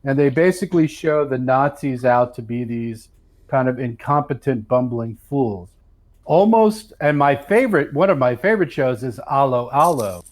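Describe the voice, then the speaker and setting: A man's voice: medium pitch, lively intonation, normal speed. Man, casual chat guest, enthusiastic, explains at length. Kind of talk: casual live-stream chat.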